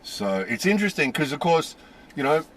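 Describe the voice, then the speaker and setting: A man's voice: fairly high pitch, normal speed, vocal fry, fairly bright tone, a little hiss or hum. A man vlogging casually to camera about life in Japan, stressing points by repeating his words.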